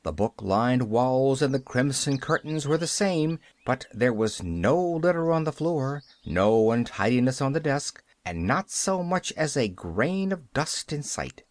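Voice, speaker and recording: A man narrating a classic novel as an audiobook, with a lively storytelling delivery. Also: mid-range voice, a little slow, hardly any pauses, dry recording.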